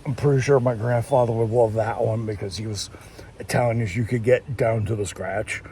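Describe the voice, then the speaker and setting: A man's voice: fairly low pitch, steady tone, a little fast, dark tone, a little hiss or hum. A man chatting casually in a walking vlog, rambling and restarting often, recorded on a handheld phone outdoors. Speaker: vlogger. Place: outdoors, walking through town.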